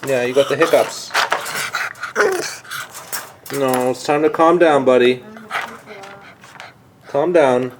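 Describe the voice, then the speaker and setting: Slow, soothing pet owner coaxing a puppy. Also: mid-range voice, steady tone. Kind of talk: talking to a puppy. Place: at home with a dog. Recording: home video with background noise.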